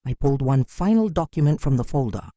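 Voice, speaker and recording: A woman narrating a dramatic first-person story, measured, calm and firm. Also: very deep voice, no room sound, studio quality.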